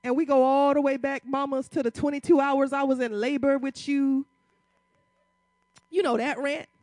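Woman preacher, high voice, impassioned sermon, rhetorical questions, dry close sound. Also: steady tone, normal speed, dry recording. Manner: impassioned, rising to loud emphatic peaks; uses casual church vernacular, rhetorical questions.

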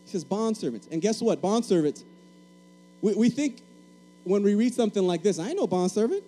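A man from Puerto Rico preaches with emphasis, his high voice pressing key phrases again and again. His tone is mellow and dark. A faint mains hum runs underneath. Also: lively intonation, normal speed, low-quality recording. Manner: emphatic, repeats key phrases, asks the congregation to respond. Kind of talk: sermon.

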